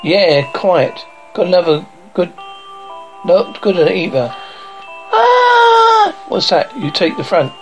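A woman's voice: on the low side, unhurried, music in the background, rough recording. A woman reading a horror show transcript aloud, sound cues included, acting out screams and gasps between the lines.

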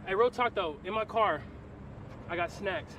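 A man's voice: high-pitched, moderate pace. A man being arrested in an outdoor car park, joking and rambling in playful banter. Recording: noisy outdoor street recording with traffic.

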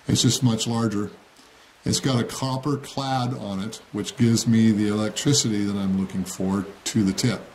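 A man's voice: lowish voice, darkish tone, a little hiss or hum. A man giving a casual how-to tutorial on a hobby build, plain-spoken and checking in with "okay?" after each step. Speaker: model railroad hobbyist demonstrating.

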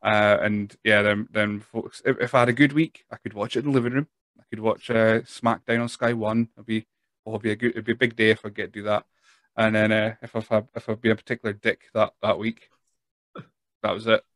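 A man's voice: lowish voice, flat delivery, fairly quick, fairly bright tone, no room sound, clean studio sound. A man in his thirties from northeast Scotland with a Speyside Scottish accent, hosting a casual interview podcast in a rambling, self-deprecating way. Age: 30s. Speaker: podcast host.

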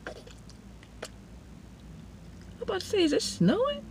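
A woman's voice: sits high, huge pitch swings, slow pace, pauses often, pushed and bright. A woman hosting a casual eating show, chatting with her viewers between mouthfuls and calling them y'all. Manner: eats and chews between remarks. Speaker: mukbang vlogger.

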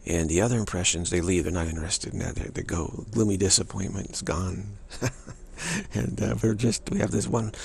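A man giving a spiritual practice talk, halting and musing, with frequent restarts and repeated phrases. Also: sits low, fairly even intonation, gravelly. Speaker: spiritual teacher.

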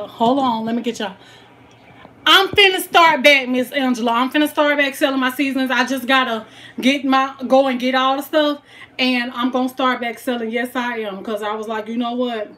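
A woman's voice: sits high, normal speed. A young woman, chatting casually to her viewers while showing her home cooking, full of exclamations. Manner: animated, exclaims "child, honey" often. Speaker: cooking vlogger.

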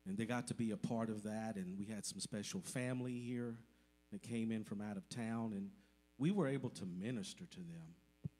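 A man's voice: fairly low pitch, moderate pace, dark tone. A man giving an emotional, grateful testimony to his church congregation during a service. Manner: emotional, grateful, speaks from the heart. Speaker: church member addressing the congregation.

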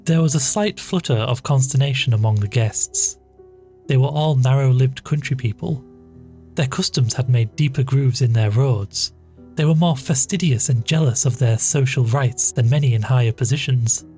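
A man reading a classic short story aloud as a podcast narrator, measured and even. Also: mid-range voice. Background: faint music.

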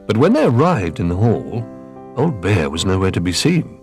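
A man reading a children's storybook aloud in an expressive, gentle manner. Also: on the low side, normal speed, faint music behind.

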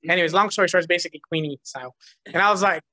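A man's voice: high-pitched, very fast, no room sound. A man giving a personal testimony at church, telling his story with animation and frequent laughter. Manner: animated storytelling, laughs often, acts out voices in quotes.

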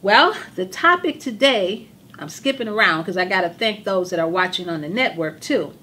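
A hoarse woman in a mid-range voice hosts a gospel television show. She preaches with fervent, repeated emphasis. A faint hum of background noise sits under her voice. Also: mid-range voice, lively intonation, moderate pace, bright, forceful tone. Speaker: TV show host. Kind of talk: religious talk show monologue.

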